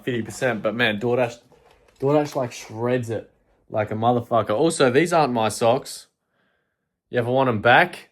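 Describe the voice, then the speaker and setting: In a mid-range voice on a dry recording, a young man chats casually to camera. He's blunt, heavily profane, and now and then out of breath.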